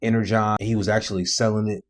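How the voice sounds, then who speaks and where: A man's voice: on the low side, little pitch movement, fast talker. A man reacting to video clips with blunt, disapproving commentary.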